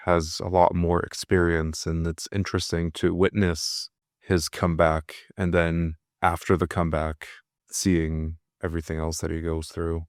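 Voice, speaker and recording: A man's voice: low voice, clean tone, dry recording, studio quality. A man who fights, speaking thoughtfully and candidly in a casual podcast conversation. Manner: thoughtful, candid, with soft laughs.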